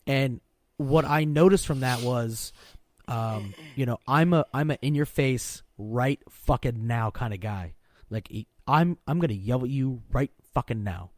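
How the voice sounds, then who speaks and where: A man's voice: medium pitch, a little slow, darkish tone, no room sound. A man in his thirties talks bluntly and profanely in casual podcast chat, restarting sentences as he goes. His voice sits in a middle register. It is recorded close and dry, with no room sound. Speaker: podcast co-host.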